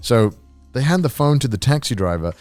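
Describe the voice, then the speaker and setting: A man's voice: mid-range voice, expressive, a little fast, a little mellow, no room sound, soft background music. A man co-hosting a podcast, telling a rambling story and acting out quoted dialogue. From Wales. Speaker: podcast co-host. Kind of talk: casual chat.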